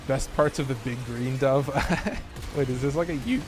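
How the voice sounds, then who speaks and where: A man's voice: mid-range voice, slow pace, over music. Laughing, rambling male game streamer. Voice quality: rambling, joking, laughs often. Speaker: gaming streamer. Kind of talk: casual live-stream chat.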